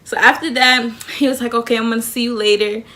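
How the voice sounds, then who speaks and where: A young woman tells a personal story to her viewers in a loose, chatty vlog style. Her voice sits a little high and sounds bright and forward. She talks in an animated way and acts out what everyone said. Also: quick pace. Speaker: vlogger.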